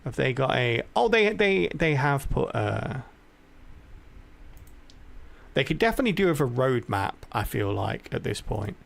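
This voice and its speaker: A man's voice: medium pitch, very animated, moderate pace, creaky. A middle-aged man streaming a game live, rambling and thinking aloud as he plays. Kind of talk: live gameplay commentary.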